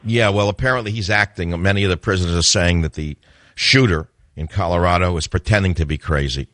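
Deep-voiced blunt man hosting a radio call-in show. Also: brisk, fairly bright tone, no room sound, studio quality. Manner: blunt, opinionated, chuckles often. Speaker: radio talk show host.

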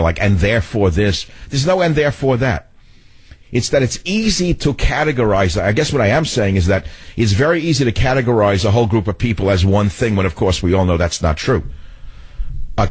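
A man's voice: fairly low pitch, slightly rough, dry recording. An older man hosting a radio talk show, telling rambling stories in a sardonic tone.

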